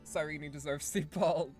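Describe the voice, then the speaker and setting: A woman's voice: sits low, darkish tone. Playful woman streamer. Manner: playful, hyped game-show-host delivery with restarts. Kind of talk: casual livestream chat.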